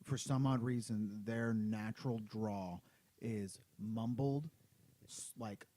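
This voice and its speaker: A man's voice: on the low side, takes it slowly, mellow. A young man co-hosting a casual podcast, chatty and full of fillers as he explains. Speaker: podcast co-host.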